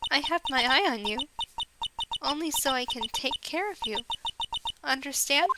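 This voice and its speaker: A woman voicing a sweet but creepy female office assistant who speaks softly with quiet menace, over loud game music. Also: high-pitched, lively intonation, moderate pace, very noisy. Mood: menacing. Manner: soft-spoken, quietly menacing.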